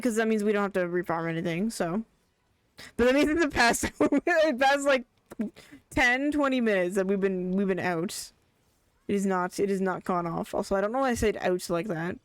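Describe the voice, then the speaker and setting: A woman's voice: medium pitch, dry recording. A young woman streaming a game, chatting casually as she plays, rambling and laughing often. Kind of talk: casual live gameplay commentary.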